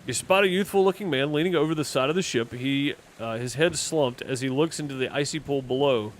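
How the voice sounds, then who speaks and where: A man's voice: mid-range voice, a little fast, a little hiss or hum. A man hosting a let's play, reading game text aloud and commenting, self-deprecating and stumbling over words. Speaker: gaming channel host.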